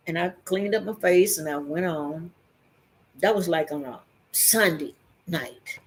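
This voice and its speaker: A middle-aged woman, telling a personal story in a lively way and acting out the voices of the people in it. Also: fairly low pitch, unhurried, breathy edge. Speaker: vlogger.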